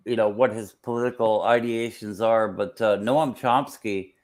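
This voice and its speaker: A man speaks haltingly in a casual chat, stopping often to search for words. His phrasing leans formal and a little bookish. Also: fairly low pitch, fairly even intonation, a little mellow. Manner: halting and wordy, many "uh" pauses, formal word choice.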